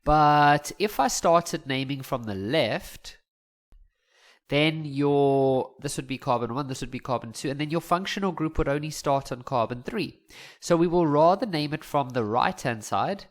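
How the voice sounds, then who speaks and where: Jokey South African chemistry teacher. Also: male voice, on the high side, expressive, measured pace. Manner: chatty, jokey, laughs at his own jokes. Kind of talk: casual online lesson.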